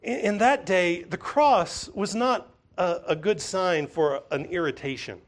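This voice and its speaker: A man with a notably high voice preaching a sermon. He drives points home with repeated phrases and often restarts a sentence mid-thought. He briefly acts out other people's voices when telling a story. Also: a little slow. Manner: emphatic, repetitive preaching with frequent restarts. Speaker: pastor.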